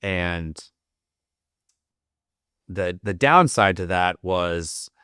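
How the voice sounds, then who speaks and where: Man, very low voice, slow unhurried delivery, profane and laughing, rambling story. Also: fairly bright tone, smooth, dry recording, studio quality. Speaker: podcast guest, Marine veteran. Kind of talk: casual storytelling.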